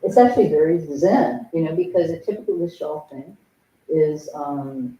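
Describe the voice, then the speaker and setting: A woman's voice: deep voice, moderate pace, mellow, recorded from a distance, dull audio. Older woman teaching frankly in an echoey hall. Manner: frank, humorous, acts out remembered dialogue. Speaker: Zen teacher. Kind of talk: dharma talk with personal storytelling. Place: temple meditation hall.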